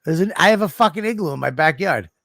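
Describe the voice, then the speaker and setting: Middle-aged guy on a podcast, swears a lot, tells stories all lively, dry close sound. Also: fairly high pitch, quick pace, no room sound. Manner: profane, animated storytelling. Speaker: podcast co-host. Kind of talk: casual chat.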